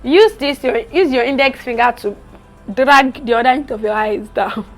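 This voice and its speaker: A woman's voice: high voice, normal speed, soft background music. A young woman, chatting expressively and dramatically to camera as a beauty vlogger. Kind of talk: casual vlog talk to camera.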